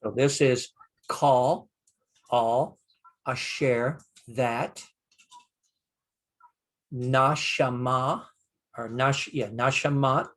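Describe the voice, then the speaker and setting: An older man teaching a Bible Hebrew lesson, slowly sounding out Hebrew words and explaining them with frequent pauses. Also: medium pitch, steady tone. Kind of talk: screen-share lesson.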